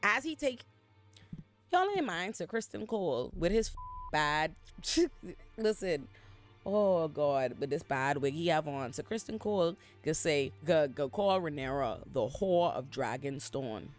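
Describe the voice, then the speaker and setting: A man giving an expressive, profane recap of a TV episode, acting out the characters as he goes. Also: on the high side, measured pace, faint music behind. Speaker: show recap host. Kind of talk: animated TV recap commentary. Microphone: facing camera.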